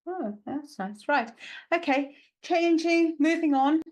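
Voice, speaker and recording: A woman's voice: sits high, expressive, slow. A woman giving a live psychic mediumship reading, chatty and reassuring, with lots of "okay" and "right" fillers and self-mocking asides. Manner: self-mocking, laughs at herself.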